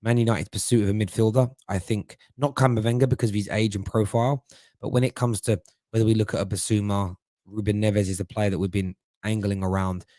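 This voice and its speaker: A man's voice: lowish voice, steady tone, fast, warm tone, dry recording, studio quality. A middle-aged man hosting a casual live stream, reading out viewer comments and often repeating words as he thinks. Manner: chatty, stumbles and repeats words while thinking. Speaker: host of a football fan live stream.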